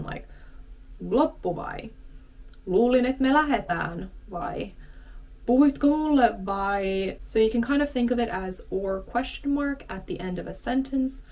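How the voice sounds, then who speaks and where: A woman giving a casual language lesson, explaining in a chatty way with lots of "kind of" and "like", and acting out short example phrases. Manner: chatty, many fillers like "kind of" and "like"; acts out short example lines with lively pitch jumps. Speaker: language teacher.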